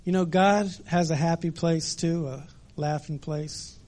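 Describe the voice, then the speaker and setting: A man's voice: a little high, fairly even intonation, unhurried, darkish tone. Man preaching a chatty sermon. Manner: conversational storytelling with frequent fillers.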